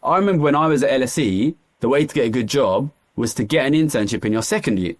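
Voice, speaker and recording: A man's voice: medium pitch, lively intonation, fast. A man with an East London accent, speaking as an economist guest in an interview, talking passionately and repeating phrases for emphasis. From East London, England. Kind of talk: candid interview talk.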